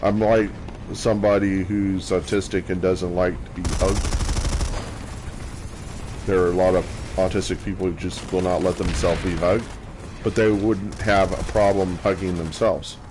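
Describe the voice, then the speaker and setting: A man's voice: sits low, level tone, noisy background. A man talking casually over his gameplay, rambling and self-mocking, often stopping to restart his sentences. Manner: halting, many restarts. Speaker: gamer.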